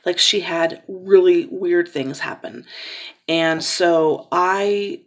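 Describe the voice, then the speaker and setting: A woman in her forties talks in a raw, rambling way in a personal vlog, stopping and restarting her thoughts. Her voice sits a little low and has a gravelly, fry-edged texture. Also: takes it slowly. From Cincinnati, Ohio. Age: 40s. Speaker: vlogger, caregiver daughter.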